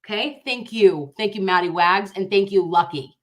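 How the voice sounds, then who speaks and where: A woman from Dorchester with a Boston accent, hosting a casual reaction chat. She talks in an animated, excitable way, swears freely and calls her viewers babe and loves. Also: mid-range voice, moderate pace. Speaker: host reacting to a juror interview.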